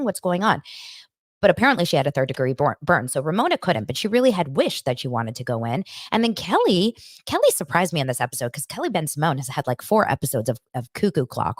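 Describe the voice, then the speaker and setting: Woman host, gossipy casual chat; low voice with lively swings, dry close sound. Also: dry recording. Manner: chatty, animated, heavy use of "like" and restarts. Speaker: podcast host.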